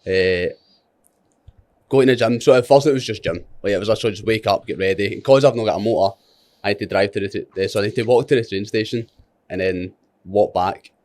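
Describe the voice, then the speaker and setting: Laid-back Scottish man, lowish voice. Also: fast talker, a little mellow, no room sound. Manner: laughing easily, rambling storyteller. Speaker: podcast guest. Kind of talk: casual podcast chat.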